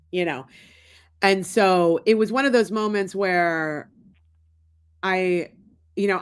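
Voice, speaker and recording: A woman's voice: fairly low pitch, dry recording. A woman in her forties co-hosting a podcast, telling a family story in casual chat and acting out the quotes. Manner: animated storyteller, acts out quotes. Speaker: podcast co-host.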